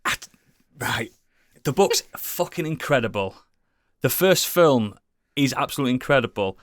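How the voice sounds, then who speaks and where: A man's voice: medium pitch, expressive, moderate pace, no echo. British guy rambling on a podcast, swears a lot, keeps restarting, very dry close sound. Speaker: podcast co-host. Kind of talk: casual chat.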